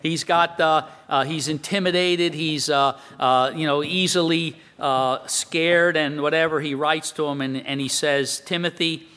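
A man's voice: fairly high pitch, fairly even intonation, measured pace, hardly any pauses, sharp tone. A man preaching a sermon in a conversational way, quoting scripture and asking rhetorical questions. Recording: long hall reverb.

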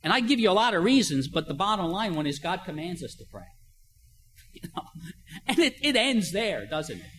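A man's voice: high-pitched, big pitch swings, moderate pace, a bit bright, slight background noise. An older man preaching a sermon in a conversational way, telling everyday stories and asking rhetorical questions. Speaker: pastor.

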